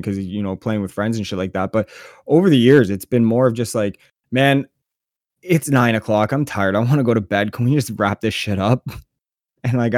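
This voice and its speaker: A man co-hosting a podcast, telling a story in casual chat with a sarcastic, profane, animated manner. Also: medium pitch, no echo, clean studio sound. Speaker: podcast co-host.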